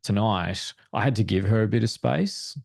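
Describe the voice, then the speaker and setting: Low gravelly man explaining earnestly. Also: normal speed, a little mellow, dry recording, clean studio sound. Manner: earnest, explanatory, acts out quoted thoughts. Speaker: parenting expert guest. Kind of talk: webinar discussion.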